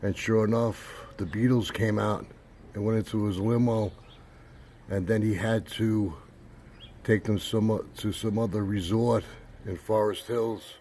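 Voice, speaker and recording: An older man telling a rambling personal anecdote with many pauses. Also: lowish voice, steady tone, mellow, a little hiss or hum. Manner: rambling, many fillers and restarts. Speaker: storyteller.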